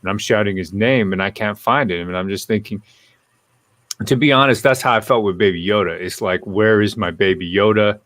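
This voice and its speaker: A man hosting a casual live-stream chat, telling animated, profane stories and reading out viewer comments. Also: lowish voice, brisk, no room sound.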